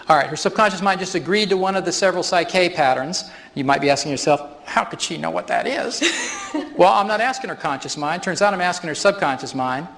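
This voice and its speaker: A man runs a live workshop demonstration on stage, explaining every step in a slightly high voice. He chuckles often as he talks. His voice rings with the long reverb of a large hall. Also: fairly bright tone. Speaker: workshop presenter.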